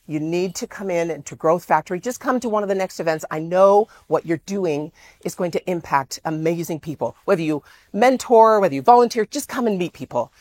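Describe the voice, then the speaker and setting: Woman speaker, lower-pitched, lively, dry close sound, animated storyteller. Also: no echo. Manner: animated, exclaims often, acts out quoted dialogue. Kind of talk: storytelling talk to an audience.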